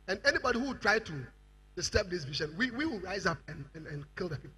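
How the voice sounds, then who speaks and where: A man with a Ghanaian accent preaching a fiery sermon, rising to shouts. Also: high voice, very animated, fast talker, slightly rough. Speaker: bishop preaching.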